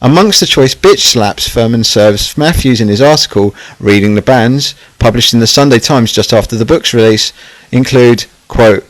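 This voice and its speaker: A man's voice: medium pitch, normal speed, no room sound, rough recording. Sardonic male documentary narrator, dry sound. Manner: sardonic, with catty asides.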